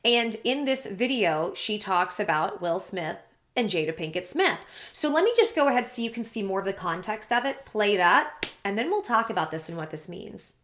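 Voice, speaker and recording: Bright-voiced woman giving sarcastic commentary. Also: medium pitch, big pitch swings, moderate pace. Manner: chatty, indignant, sarcastic asides. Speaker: commentary YouTuber. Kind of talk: casual commentary to camera.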